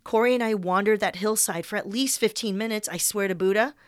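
A young woman reads her personal essay aloud in a candid, wry manner, occasionally swearing. Her middle-pitched voice moves a little fast, recorded dry and close with no room sound.

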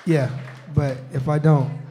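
A young man with a fairly high, evenly pitched voice speaks slowly over music and crowd noise. He's a football player appearing as a guest on a live show in a restaurant, telling stories in a loose, laughing way and often saying "you know what I'm saying." It's casual live-show chat.

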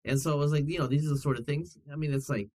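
A man, a podcast guest, talking in a casual and animated way, rambling through stories with many fillers and restarts. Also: on the high side, very fast, rough recording. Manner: animated storyteller. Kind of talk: casual chat.

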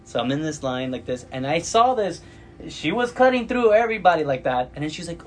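A man's voice: fairly high pitch, big pitch swings, a little fast. A man hosting a casual podcast chat in a comic shop, telling stories and acting out quotes while laughing. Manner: laughs through his stories, acts out quotes. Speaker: podcast host.

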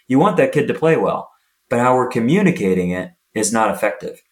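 A man guest on a podcast, a youth soccer coach by trade. He tells stories with energy and slips into quick acted lines of coaches and kids. His pitch sits in the middle range. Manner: animated storytelling, acts out coach and player lines. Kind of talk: podcast interview.

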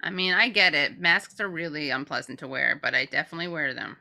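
A woman's voice: deep voice, quick pace, gravelly, bright, forceful tone. Blunt, sarcastic woman co-host. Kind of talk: casual commentary chat.

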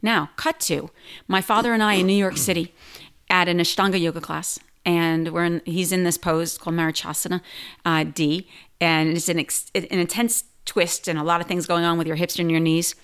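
Lively yoga teacher woman, slightly low voice. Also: moderate pace, clear, resonant tone. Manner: animated, quotes people in lively voices. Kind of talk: casual interview storytelling.

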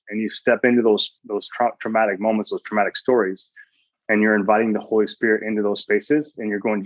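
A man in a podcast interview, telling a personal story earnestly and often restarting mid-sentence. His voice sits at an ordinary pitch. The recording is a little muffled and very dry. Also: little pitch movement, normal speed, no echo. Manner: earnest storytelling, quoting his own thoughts, frequent restarts. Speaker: guest, sports chaplain.

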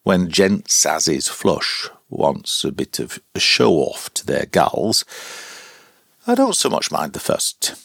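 A man reading aloud as an elderly zookeeper, in a rough old-fashioned country dialect. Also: a bass voice, huge pitch swings, slow pace, a bit bright, no room sound, studio quality, exaggerated voice. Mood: chatty.

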